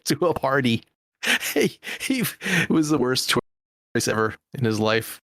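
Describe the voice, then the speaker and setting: A man hosting a casual comedy podcast, easygoing and quick to laugh. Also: medium pitch, expressive, fairly bright tone, dry recording, studio quality. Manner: laid-back, laughing, steering the talk. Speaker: podcast host.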